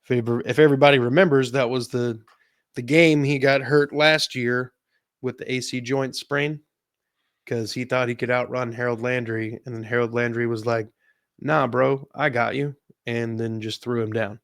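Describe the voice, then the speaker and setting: A man co-hosting a sports podcast in a relaxed, chatty way, laughing easily as he goes through stats. His voice sits at an ordinary pitch. The recording is dry and close. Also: normal speed, dry recording. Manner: relaxed, laughs often, stats-heavy rundown. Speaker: podcast co-host. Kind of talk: casual sports chat.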